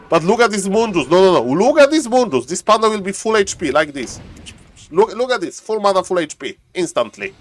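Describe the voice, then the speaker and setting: A man giving chatty, excitable live commentary on a strategy game stream, laughing often and restarting his phrases. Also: a little high, moderate pace, slight background noise.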